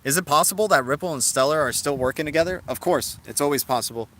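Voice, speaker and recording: A man's voice: on the high side, fast talker, bright, forceful tone. A man hosting a casual live stream, talking through ideas and answering viewers in the chat. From Cuban heritage. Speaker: crypto livestream host.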